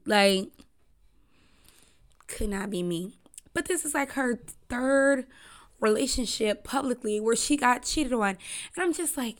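Her own podcast is where this woman speaks casually and bluntly, peppering her talk with slang and swearing. The voice is on the high side and fairly bright, with lively intonation and a slightly slow pace.

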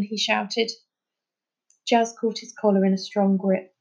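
A woman reading a children's chapter book aloud in a clear, measured storytelling manner. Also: medium pitch, flat delivery, a little mellow. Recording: muffled lo-fi recording.

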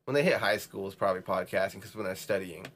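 Casting: lower-pitched male co-host, rambling sarcastic banter. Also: fast talker, fairly bright tone. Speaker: podcast co-host. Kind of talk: casual chat.

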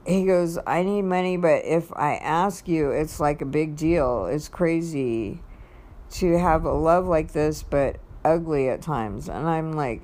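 Low-voiced woman telling a personal story. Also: unhurried, darkish tone. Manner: rambling, reads out text messages, frequent fillers. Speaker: vlogger.

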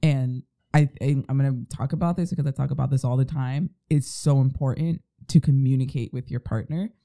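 Man, very mellow dark tone, middle pitch, casual podcast chat, earnest advice. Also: fairly even intonation, a little fast, vocal fry. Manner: earnest, advising.

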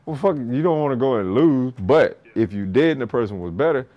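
The audio is dull as the coach, mid-range and a little fast, swaps casual stories about the boxers he trains. He laughs often, curses freely, mimics what others said, and trips into loose restarts along the way.

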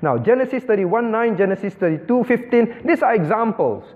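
A man's voice: sits high, expressive, a little fast. A man pastor teaching a sermon, explaining step by step and often asking the audience if they follow, with some non-native English phrasing. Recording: phone-like band, long hall reverb.

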